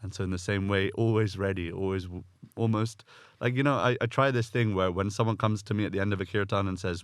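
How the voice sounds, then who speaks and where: A man hosting a podcast, speaking gently and earnestly with occasional stammered restarts. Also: lowish voice, fast talker, dry recording, clean studio sound. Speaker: podcast host. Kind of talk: reflective podcast conversation.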